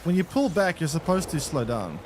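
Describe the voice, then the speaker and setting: Lively rambling male game streamer. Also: on the high side, a little fast, slight background noise. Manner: rambling, thinks aloud with restarts. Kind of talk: live gameplay commentary to chat.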